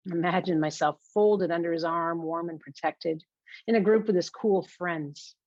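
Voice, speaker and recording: A woman narrates a first-person novel as an audiobook, her voice fairly low, slightly mellow and at a moderate pace. She sounds wry and confessional, and the lo-fi recording is muffled, dull and dry.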